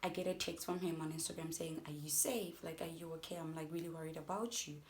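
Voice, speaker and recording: A young woman from South Africa telling a storytime vlog, animated and talking straight to her viewers. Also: low voice, fast, slight background noise. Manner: animated, addresses viewers as guys. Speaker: vlogger.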